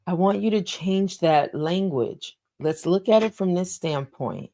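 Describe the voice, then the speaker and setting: Female motivational host, lowish voice, encouraging, repeats lines and asks the listener questions. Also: lively intonation, unhurried, vocal fry, dark tone. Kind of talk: motivational talk.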